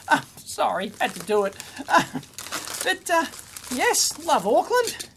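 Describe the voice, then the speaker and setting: A man with an Australian accent hosting an electronics video, opening his mail in an excitable, chatty way with quick exclamations. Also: very high voice, slight background noise. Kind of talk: casual hands-on mailbag unboxing.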